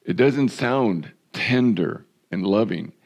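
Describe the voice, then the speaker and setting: Hoarse, gravelly older male pastor. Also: on the low side, lively intonation, a little mellow. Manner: earnest, measured preaching with repeated words. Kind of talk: sermon.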